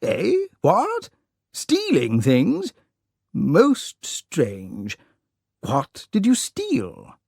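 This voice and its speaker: Narrator doing an elderly aristocrat, fussy and indignant; raised pitch, lively range, slow dry read. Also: creaky, husky, no echo, full character voice. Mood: flustered. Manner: sputtering, indignant questions. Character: flustered elderly male aristocrat, easily troubled. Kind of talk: audiobook character reading.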